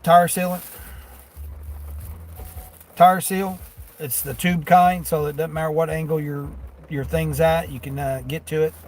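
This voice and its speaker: A man's voice: fairly high pitch, fairly even intonation, measured pace, long pauses, a little mellow. A delivery driver chatting casually on a live stream from inside his vehicle, rambling in a folksy way and chuckling often. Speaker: delivery driver livestreaming to chat.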